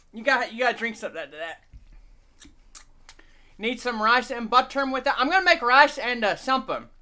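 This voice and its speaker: A man's voice: very high-pitched, animated, moderate pace, long pauses, pushed and bright. A man hosting a live stream, rambling and profane while he reads the chat and eats.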